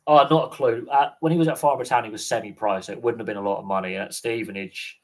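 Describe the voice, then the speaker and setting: Quick-paced and fairly even in intonation, this low-leaning man's voice belongs to a sports channel host on a casual livestream. He tells rambling stories and laughs frequently, and the audio is poor.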